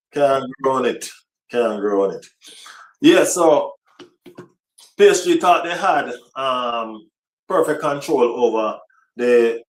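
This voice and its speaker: Man rambling about football, roomy mic. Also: medium pitch. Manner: rambling, repeats himself, frequent "you know what I mean". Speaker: football vlogger. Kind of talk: casual livestream chat. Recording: roomy, slightly distant mic.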